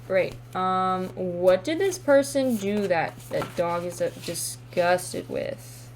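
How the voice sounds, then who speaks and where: A woman's voice: lowish voice, takes it slowly, a little hiss or hum. A woman doing a casual tarot card reading to camera, thinking aloud with sassy exclamations and casual swearing. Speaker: tarot reader.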